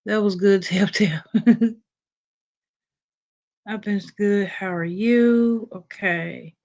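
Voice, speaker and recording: A woman's voice: medium pitch, steady tone, extremely slow, a little mellow, dull audio. A woman hosting a casual livestream, just out of bed, reading points from a list with plenty of ums and chatting with her viewers. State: just woke up. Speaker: livestream host.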